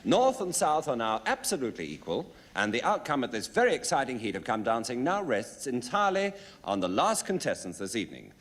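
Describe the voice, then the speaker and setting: An eager middle-aged ballroom dance commentator, put on by a comedian, calls the contest with excited patter. The voice is husky and lively, and it rings out in a long, echoing hall. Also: male voice, medium pitch, a little fast.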